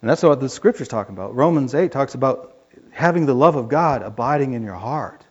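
A man preaching a sermon in a fervent way that rises to yelling when he gets excited, in a dull lo-fi recording. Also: mid-range voice. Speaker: pastor.

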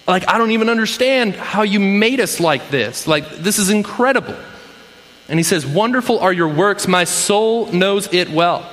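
A man's voice: high-pitched, moderate pace, a bit bright. A man preaching a sermon in a casual, conversational way, often checking in with the listeners. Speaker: pastor. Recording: long hall reverb.

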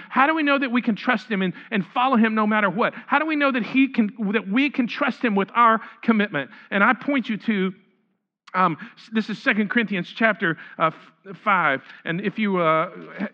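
A man preaching a sermon as pastor, animated, repeating words and acting out the quotes he reads. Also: sits high, highs cut off.

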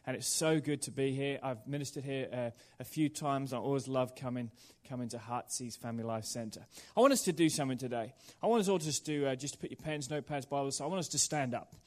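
A man's voice: mid-range voice, fast talker, hardly any pauses. A young man from England, a guest preacher giving a sermon to a church congregation in a chatty, informal way full of asides and jokes. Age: young adult. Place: church sanctuary before a congregation.

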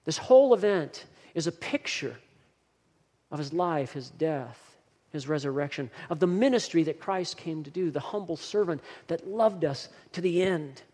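A man's voice: on the high side, expressive, moderate pace, darkish tone, big-room sound. A man preaching a sermon earnestly, stressing and repeating key phrases as he builds each point. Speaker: pastor.

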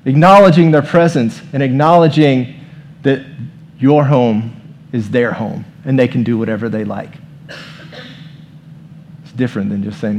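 A man's voice: mid-range voice, normal speed, darkish tone, slight background noise. Man preaching an informal, chatty sermon. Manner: informal, leads the room in prayer. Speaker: pastor. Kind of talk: conversational sermon.

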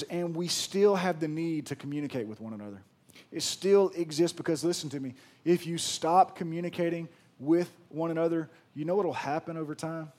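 A man preaching a sermon as pastor, casual and conversational, swinging from loud emphasis to hushed, quiet lines. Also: fairly high pitch, moderate pace.

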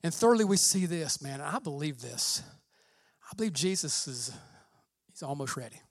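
A man preaching a fervent sermon as pastor, often saying "man" and swelling loud when he reads scripture. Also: fairly high pitch, lively intonation, moderate pace, no echo, clean studio sound.

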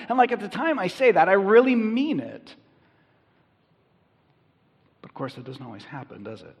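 A man's voice: high-pitched, big pitch swings, moderate pace, in a large hall. A man preaching a sermon as a pastor, conversational and emphatic.

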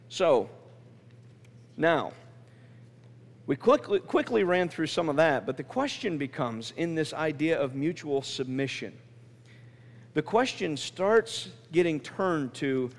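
A man preaching a sermon as pastor, animated and acting out the voices of people in his stories. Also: high voice, normal speed, in a large hall.

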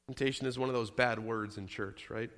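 A man's voice: mid-range voice, steady tone, a little fast, fairly bright tone. A man preaching a sermon as pastor, stacking repeated phrases with strong emphasis. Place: church sanctuary. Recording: long hall reverb.

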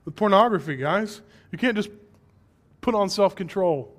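A young man preaching from the pulpit with a notably high voice. He talks candidly and conversationally, then presses hard on his main points. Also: lively intonation, moderate pace. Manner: candid, conversational, with rising emphatic passages. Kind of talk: sermon.

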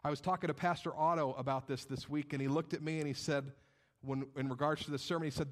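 A man's voice: on the high side, steady tone, quick pace. A male pastor preaching a sermon, dynamic and conversational, acting out doubters' voices along the way.

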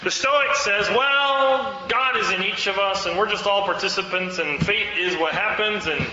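A man's voice: high-pitched, normal speed, bright, forceful tone, slight background noise. A man preaching a sermon, fervent and exhorting, urging his listeners to act. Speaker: pastor. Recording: echoey hall, dull sound.

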